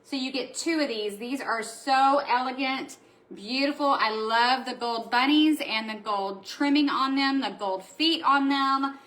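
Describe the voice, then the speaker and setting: A woman's voice: high voice, measured pace, fairly bright tone. Gushing woman hosting a live show. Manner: gushing, chatty, reads out viewer comments. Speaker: host of a live craft supply show. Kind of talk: casual live-stream product showcase. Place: indoor room at home.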